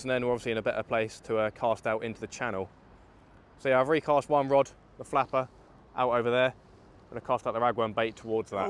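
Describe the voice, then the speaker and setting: A young man from England talking viewers through a fishing trip outdoors by a river, chatty and explaining each step. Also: on the high side. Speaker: angling vlogger. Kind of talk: fishing vlog commentary.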